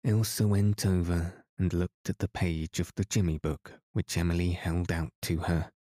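A man calmly narrating a novel as a bedtime story, soft and unhurried. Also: low-pitched, dry recording, clean studio sound. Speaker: podcast host and reader.

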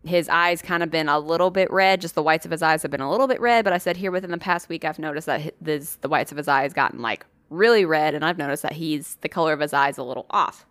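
A woman's voice: deep voice, quick pace, hardly any pauses, fairly bright tone, no echo. A woman co-hosting a podcast, telling a story in casual chat, swearing freely and acting out the voices of the people in it. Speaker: podcast co-host.

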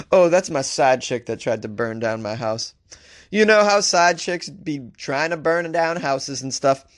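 A man hosting a solo comedy podcast, joking his way through odd news stories with lively asides. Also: fairly high pitch, slow pace, no room sound, studio quality. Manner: animated, joking, reads news aloud with asides. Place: home studio, Los Angeles.

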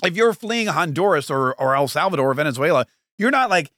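A male podcast host delivering a sarcastic political monologue, full of rambling asides. His voice sits somewhat high for a man, and the recording is dry and close, with no room echo. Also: sing-song, a little fast, a bit bright.

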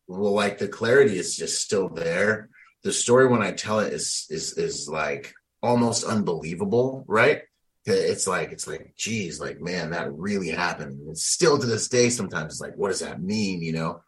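A man's voice: deep voice, unhurried. A man, a military veteran, telling a personal story in a conversational, slangy way with frequent laughter. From United States. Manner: animated, slangy, laughs often. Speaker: guest, Marine veteran.

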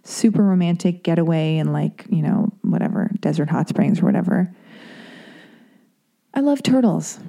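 A woman with a somewhat low, warm and relaxed voice tells a long story on her podcast. She talks casually and rambles, sprinkling in swear words and side remarks before finding her way back to the point. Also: moderate pace, vocal fry. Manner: chatty, profane, self-interrupting with asides. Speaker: podcast host.

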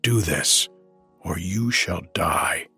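Man doing a growling storybook thunder god, low voice, breathy, slow. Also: sharp tone, faint music behind, exaggerated voice. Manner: growling, commanding. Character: mighty angry male thunder god.

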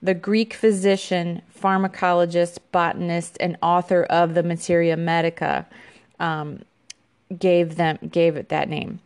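A woman with a somewhat low voice hosts an informational podcast. She reads her segment from notes, with small fillers and restarts along the way. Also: little pitch movement, unhurried, darkish tone, smooth. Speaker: podcast host.

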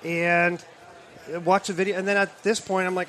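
Brief: middle-aged male co-host, a bit higher voice, swears, laughs, acts out the quotes. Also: steady tone, normal speed, a bit bright. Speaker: podcast co-host, former hockey player. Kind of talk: casual storytelling chat.

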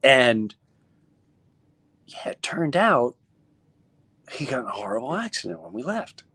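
A middle-aged comedian telling a story in a casual, animated way, acting out what others said. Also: male voice, medium pitch, a little slow, breathy edge. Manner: animated, acts out quoted voices, many restarts. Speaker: comedian guest.

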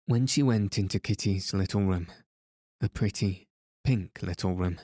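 A man narrating an audiobook in a measured, even reading. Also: deep voice, dry recording, studio quality. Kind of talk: scripted narration.

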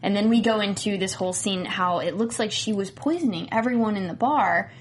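A woman's voice: mid-range voice, brisk, a little hiss or hum. Woman steering a TV recap chat. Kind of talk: casual group chat about a TV show.

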